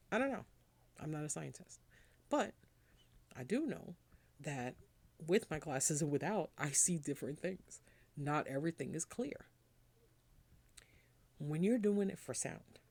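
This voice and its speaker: A woman's voice: low voice, a little mellow, slightly rough. Woman, podcast host, casual monologue, rambling, blunt, swears freely.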